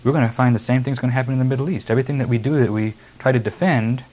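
A man's voice: medium pitch, steady tone, racing, a little mellow, rough recording. A man preaching a sermon, reading verses and then explaining them emphatically. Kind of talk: sermon expounding scripture.

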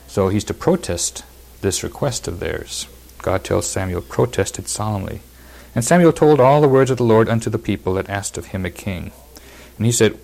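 A man's voice: lowish voice, moderate pace, gravelly, darkish tone. A man preaching a verse-by-verse sermon, reading scripture aloud and explaining it with emphatic repetition.

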